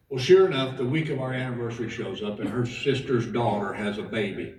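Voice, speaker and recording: A man's voice: medium pitch, fast talker, hardly any pauses, darkish tone, distant mic. A middle-aged man doing stand-up comedy, telling self-mocking stories and acting out every quote. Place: casino theater stage. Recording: echoey hall recording from afar with crowd noise. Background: audience laughter.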